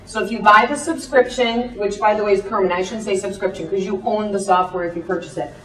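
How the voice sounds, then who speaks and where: A woman teacher giving a chatty presentation with quick asides. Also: medium pitch. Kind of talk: classroom presentation. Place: presentation room. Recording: echoey room, far from the mic.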